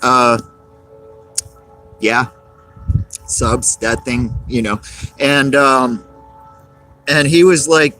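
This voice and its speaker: A man's voice: mid-range voice, fairly even intonation, drawn-out words, long pauses, bright, forceful tone, soft background music. A man, live-streaming outdoors on a cold, windy day, rambling and greeting chat viewers by name.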